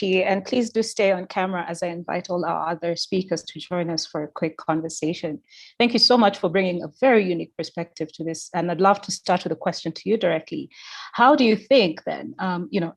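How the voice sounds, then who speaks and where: A woman moderating an online panel discussion. She puts her questions to the speakers in full, measured sentences. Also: on the low side, gravelly. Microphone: video call.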